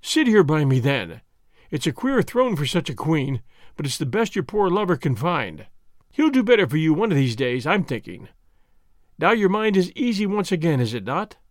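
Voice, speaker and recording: A man's voice: a little high, sing-song, normal speed, dry recording, clean studio sound. Male reader's young man, ardent and persuasive, storybook lover. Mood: coaxing. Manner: coaxing, earnest.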